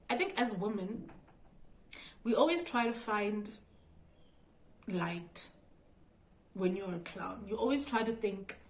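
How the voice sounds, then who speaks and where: Speaking directly to her viewers in a storytime vlog, this young YouTuber with a South African accent recounts a personal story at an ordinary middle pitch. She's animated, quickly switching between plain narration and acting out what she was thinking back then. The recording is low quality.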